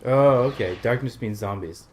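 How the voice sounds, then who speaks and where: A man with a Canadian accent at a mid pitch, talking through a video game as he plays. He is chatty and laughs easily, and he gushes about films. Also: normal speed, darkish tone, a little hiss or hum. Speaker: player and co-host. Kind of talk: casual let's-play commentary.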